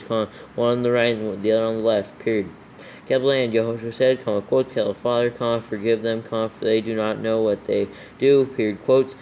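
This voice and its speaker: Low flat-voiced man dictating punctuation. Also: low-quality recording. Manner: halting reading aloud, naming punctuation marks. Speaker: proofreading reader. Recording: faint background noise.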